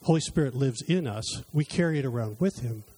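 A man's voice: medium pitch, lively intonation, fairly quick, warm tone, breathy edge. A man preaching a sermon in a conversational way, telling personal stories and acting out his talks with God, then leading a closing prayer. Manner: conversational, acts out his own exchanges with God.

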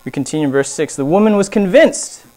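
A man preaching a sermon, telling stories in an animated way and swinging between loud emphasis and hushed asides. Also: on the high side, fast talker.

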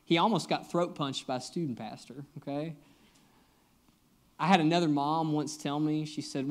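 Man, 30s, pastor, sermon storytelling, slightly high voice, earnest, conversational, emphatic swings in pitch and volume. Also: steady tone, normal speed. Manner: conversational, earnest, addresses the congregation directly.

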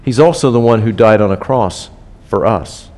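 A pastor preaches a sermon at church in a casual, conversational way, repeating key phrases for emphasis. His voice is on the low side and a little mellow, at a moderate pace.

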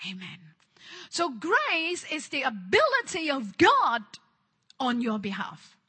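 A woman's voice: high voice, huge pitch swings, slow, bright, forceful tone. A woman preaching a charismatic sermon, fervent and repetitive, calling on her listeners to respond.

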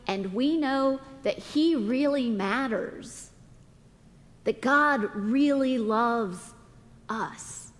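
Slow, deliberate woman preaching in a reverberant hall. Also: a little high. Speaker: pastor. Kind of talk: sermon. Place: church sanctuary. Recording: long reverb of a church hall.

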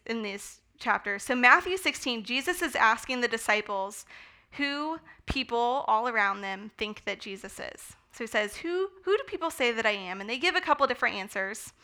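Bright, upbeat woman teaching the Bible. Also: a little high. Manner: enthusiastic, conversational, with fillers. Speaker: speaker teaching a Bible study. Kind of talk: sermon-style Bible teaching.

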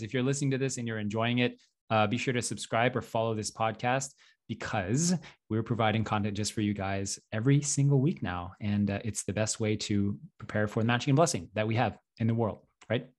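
A young man co-hosting a podcast, chatting casually, rambling with lots of fillers and little laughs. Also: fairly low pitch. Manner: rambling, self-deprecating, laughs often, many fillers. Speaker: podcast co-host.

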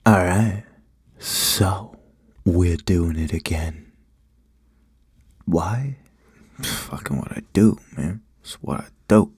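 A man's voice: deep voice, slow, long pauses, darkish tone, husky. Podcast guy rambling and cussing, playful, talking into a mic in a closet. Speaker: podcast host. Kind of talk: casual podcast monologue. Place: small closet. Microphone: studio microphone.

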